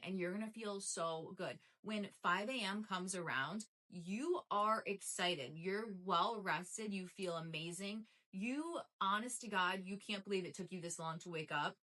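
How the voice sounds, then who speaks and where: A woman's voice: medium pitch, bright, forceful tone. A young adult woman vlogging, giving casual motivational talk in a chatty, emphatic way with lots of repetition. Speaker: lifestyle vlogger.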